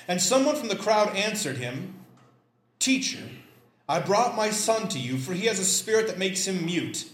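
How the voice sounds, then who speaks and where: A man leading a prayer, reading scripture aloud and preaching in a conversational, animated way with self-deprecating asides. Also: high voice, moderate pace. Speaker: pastor.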